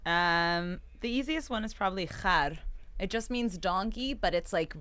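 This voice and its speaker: A woman's voice: medium pitch, animated, moderate pace, sharp tone, clear, resonant tone, dry recording. A woman co-hosting a casual football watch party, giggly and playful as she explains words. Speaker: co-host.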